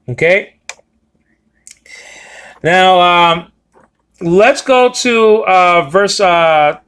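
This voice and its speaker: A man with a slightly high voice leads a Bible lesson, reading Greek words off an app on his screen. He talks in an emphatic, repetitive way and keeps checking in with "okay?" as he goes. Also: a bit bright. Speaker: Bible teacher.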